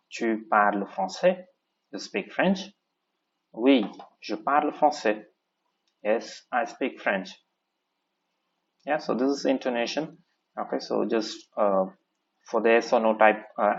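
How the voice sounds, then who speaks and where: A man teaching a French lesson in English, explaining step by step and repeating each phrase with plenty of "okay" and "so". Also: lowish voice. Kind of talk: recorded classroom lesson. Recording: dull lo-fi recording.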